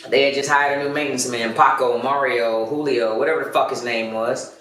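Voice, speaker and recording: A man's voice: mid-range voice, fairly even intonation, fairly quick, a bit bright. A man hosting a podcast, telling a personal story in a candid, profane and self-critical way. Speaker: podcast host. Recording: very echoey room, far from the mic.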